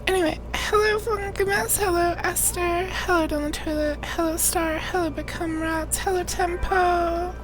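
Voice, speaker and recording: A woman live streamer chatting casually with viewers, greeting them by name, her throat irritated so she keeps clearing it. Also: extremely high pitch, steady tone, moderate pace, few pauses, low-quality recording. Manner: greets chatters by name one after another; rambling, trailing restarts.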